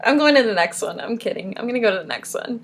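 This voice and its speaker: A woman's voice: on the high side, lively intonation, quick pace. A young woman leading a casual support-group lesson, drilling syllables and tongue twisters aloud with chuckles between rounds. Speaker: support group speech coach. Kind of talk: casual spoken exercise lesson.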